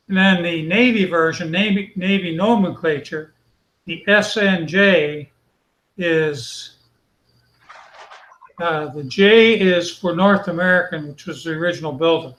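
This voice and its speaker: Slow, somewhat high, and a bit bright, this man leaves long pauses while explaining aircraft details and his model building on a casual video call. He's a knowledgeable hobby hangout guest who goes through aircraft designations step by step, and the recording has an echoey, roomy sound.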